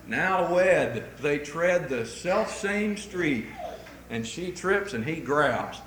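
Animated high-voiced man preaching a sermon. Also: slow, reverberant, a little hiss or hum, rough recording. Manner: folksy, animated storytelling.

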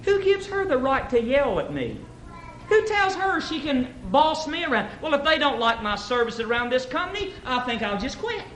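A man's voice: extremely high pitch, sing-song, normal speed, a bit bright, roomy sound, full character voice. A man voicing a resentful female receptionist who grumbles to herself. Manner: muttering, resentful.

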